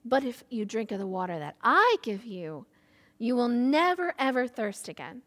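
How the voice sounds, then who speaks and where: A woman preacher voicing Jesus as a patient, gentle teacher, speaking calmly and earnestly. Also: fairly high pitch, normal speed. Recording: echoey hall with long reverb.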